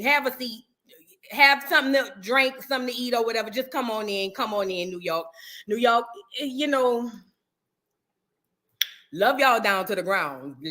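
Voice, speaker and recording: High, bright, sassy gossiping woman. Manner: animated, sassy, breaks into sung bits. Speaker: gossip commentary host. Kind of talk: casual celebrity gossip chat.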